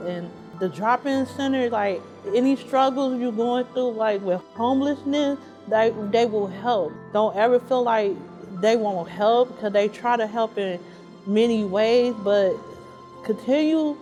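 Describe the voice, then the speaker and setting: A woman's voice: fairly high pitch, a little slow, mellow, soft background music. A woman from Chicago speaking earnestly and emotionally in a documentary interview, often repeating herself. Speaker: interviewee, mother seeking housing.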